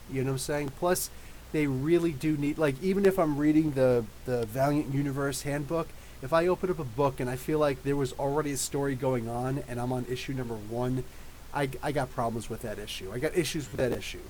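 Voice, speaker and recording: A man's voice: medium pitch, a little mellow, a little hiss or hum. A man in his thirties from New Jersey, hosting a casual live podcast Q&A, talking in a rambling, chatty way with many restarts. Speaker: podcast host.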